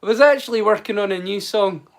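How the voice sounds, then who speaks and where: A Scottish man with a notably high voice, hosting a relaxed live stream. He rambles chattily to his viewers in loose, offhand talk and drops the odd swear. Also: quick pace. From Scotland. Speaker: live-stream storyteller host. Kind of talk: casual live-stream chat.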